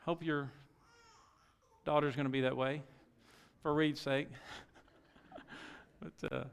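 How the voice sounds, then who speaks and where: A middle-aged man preaching a sermon in a folksy way, full of rhetorical questions and swinging from quiet asides to loud exhortation. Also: on the high side, flat delivery, slow pace, creaky, clean tone. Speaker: pastor. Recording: long reverb of a large hall.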